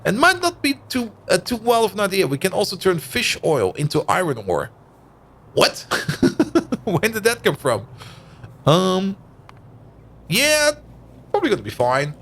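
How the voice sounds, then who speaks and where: This let's-play streamer, a man in his thirties with a Dutch-German accent who was raised in Germany, thinks aloud and chats with viewers casually, laughing easily. His high, slightly bright voice swoops wildly in pitch, at a moderate pace with frequent pauses.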